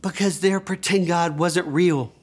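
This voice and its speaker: A man's voice: high voice, steady tone, a little slow, breathy edge. A man telling a Bible story to young children, enthusiastic and gasping, leading them in call-and-response.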